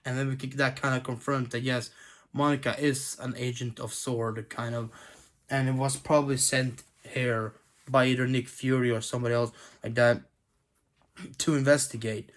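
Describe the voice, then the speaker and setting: A man's voice: medium pitch, little pitch movement. Tired man rambling through a review. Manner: halting, many fillers and restarts, clears throat often. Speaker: TV episode reviewer. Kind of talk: casual spoken review.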